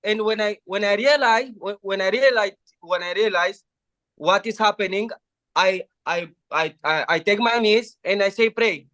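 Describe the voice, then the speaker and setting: Halting, stammering man in broken English. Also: high voice, bright, forceful tone. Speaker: guest. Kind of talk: personal confession in conversation.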